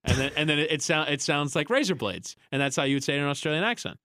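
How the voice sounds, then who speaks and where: Chatty sports radio host, dry sound. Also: male voice, a little high, expressive, bright, forceful tone, dry recording. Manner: chatty, quick restarts and repeats. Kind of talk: casual sports radio banter.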